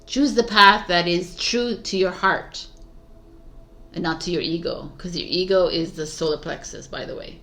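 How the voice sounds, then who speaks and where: A woman with a lowish voice reads tarot cards in an easy, casual way. She talks with eager emphasis, stacking repeated words to drive a point home, and drops an offhand swear now and then. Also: steady tone, moderate pace, fairly bright tone, faint music behind. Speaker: tarot reader. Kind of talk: casual spoken tarot reading.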